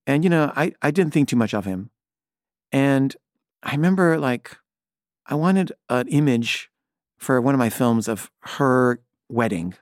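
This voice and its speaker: A man's voice: mid-range voice, animated, unhurried, no room sound. Man, middle-aged, rambling personal story, hesitant restarts, wry, dry close sound. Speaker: filmmaker telling a personal story.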